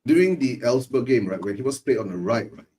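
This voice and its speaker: A man's voice: mid-range voice, lively intonation, quick pace, warm tone, slight background noise. A man chatting casually about football as a panelist, ending his phrases with "right?" and laughing often.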